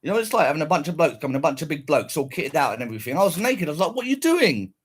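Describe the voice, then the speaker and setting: A man rants bitterly and keeps swearing as he tells his story. His voice is husky and fairly high for a man. His pitch swings widely as he acts out what was said to him. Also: lively intonation, rapid-fire. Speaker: man recounting a police raid. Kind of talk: angry personal rant.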